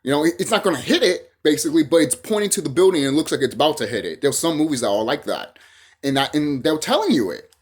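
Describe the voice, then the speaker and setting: A man's voice: fairly high pitch, animated, fast, slightly rough. A young man from El Salvador talking casually to camera in a rambling, emphatic, profane way with frequent restarts. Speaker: vlogger.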